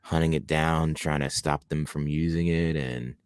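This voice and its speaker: A man's voice: extremely low pitch, steady tone, normal speed, clean tone, no echo, studio quality. A man co-hosting a podcast, chatting casually and enthusiastically about a horror film, rambling with many restarts. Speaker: podcast co-host. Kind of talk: casual film review chat.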